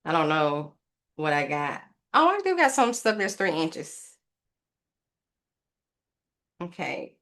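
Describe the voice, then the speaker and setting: A woman's voice: sits low, sing-song, slow pace, long pauses, a bit bright. A woman casually narrating a craft tutorial, thinking aloud and rambling to her viewers as she works. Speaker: craft vlogger.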